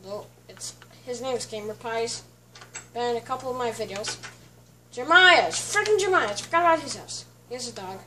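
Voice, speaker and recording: High-voiced woman narrating gameplay from afar. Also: expressive, brisk, bright, forceful tone. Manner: chatty, frequently clears throat. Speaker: let's play host. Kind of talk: casual gameplay commentary. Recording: distant mic with faint background music.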